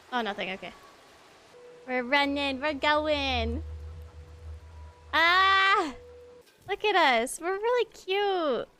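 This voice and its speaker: A woman streamer giving excited gameplay commentary, giggling and squealing as she gushes over how cute everything is. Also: extremely high pitch, a little hiss or hum. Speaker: video game streamer.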